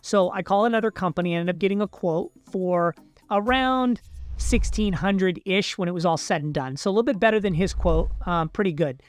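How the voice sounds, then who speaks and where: Chatty and animated, a male video host recounts something that happened to him, sprinkling in fillers and side remarks to the people watching. He speaks briskly in a high, smooth voice, and the recording has no echo.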